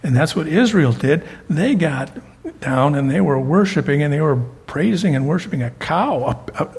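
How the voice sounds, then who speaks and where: A man's voice: a little high, expressive, normal speed, vocal fry, darkish tone, husky. An older man preaching a sermon as pastor, telling folksy stories and often repeating words as he goes.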